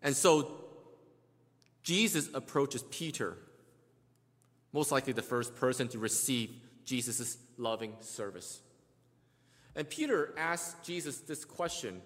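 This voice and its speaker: A man's voice: fairly high pitch, lively intonation, moderate pace, fairly bright tone. A man preaching a sermon, explaining scripture step by step, often restarting words and acting out the quotes he reads. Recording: long hall reverb.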